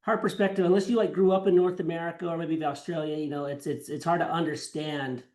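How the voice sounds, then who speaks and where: A man's voice: fairly high pitch, fairly even intonation, fast talker, darkish tone. A man hosting an interview, asking questions in a hesitant way as he searches for words. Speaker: podcast host.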